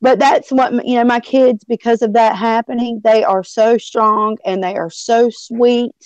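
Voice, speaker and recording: A woman's voice: medium pitch, darkish tone, no echo, lo-fi sound. A middle-aged woman with a Southern American accent, talking emotionally and cussing freely as a guest on an online panel. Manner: chatty, emotional, swears freely. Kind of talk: casual chat.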